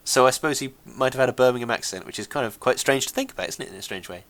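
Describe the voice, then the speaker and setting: A man from England, co-hosting a casual podcast chat, talking in quick restarts and laughing often. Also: mid-range voice, fairly bright tone. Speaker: podcast co-host.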